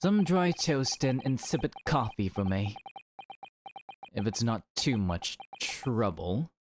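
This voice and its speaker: A man voicing a melancholy, theatrical gentleman detective in a low, mournful tone. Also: lively intonation, slow pace, a little hiss or hum. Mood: despondent.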